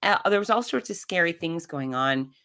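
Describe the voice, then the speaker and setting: Middle-aged woman guest, low-pitched, animated storyteller who acts out quotes. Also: normal speed, smooth. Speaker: podcast guest. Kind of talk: conversational storytelling.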